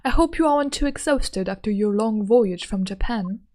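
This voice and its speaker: A woman voicing a stately British male chief justice with a slow, measured, put-on British accent, as she plays a game on stream. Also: medium pitch, expressive, darkish tone, voice pushed down, natural voice. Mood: courteous.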